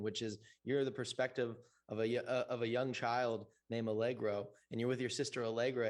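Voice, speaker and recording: A man speaking as a VR game developer on a convention panel, eager but halting, with many "uh"s. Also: medium pitch. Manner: enthusiastic, halting, heavy with fillers.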